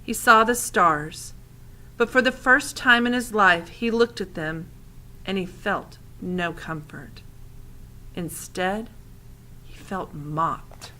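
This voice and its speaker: A woman's voice: mid-range voice, slow pace, bright, forceful tone, slight background noise. A woman reading a children's novel aloud expressively, adding asides to the listener. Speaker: audiobook reader.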